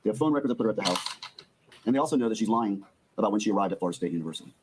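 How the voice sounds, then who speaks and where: A man delivering a prosecutor's opening statement in court, laying out evidence to a jury and briskly acting out the quoted dialogue. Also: lowish voice, lively intonation, breathy edge, low-quality recording.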